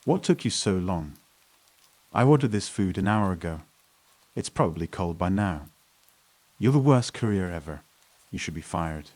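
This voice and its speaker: A rude, bullying customer who sneers out threats in a deep, low voice, as a male narrator reads him. He sounds contemptuous and menacing, a villain from a spoken horror story. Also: lively intonation, normal speed, pauses often, darkish tone, dry recording. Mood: annoyed.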